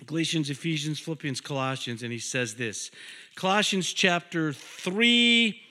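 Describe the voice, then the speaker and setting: A middle-aged male pastor preaching a sermon with dynamic swings between loud emphasis and hushed intensity, joking asides and repeated words. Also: fairly high pitch, animated, unhurried.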